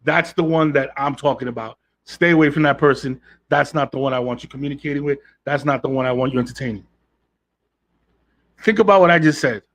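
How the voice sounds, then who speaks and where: Here a man runs his own podcast alone, addressing listeners head-on in a loose, forceful style full of slang and curse words. He speaks a little fast in a medium pitch with a fairly bright tone, and there's a faint hiss or hum.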